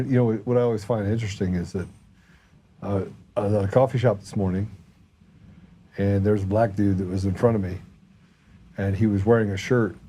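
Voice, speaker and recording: A man's voice: on the low side, slight background noise. A man hosting a podcast, chatting casually and telling a story with acted-out dialogue. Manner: animated storyteller, acts out dialogue. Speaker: podcast host.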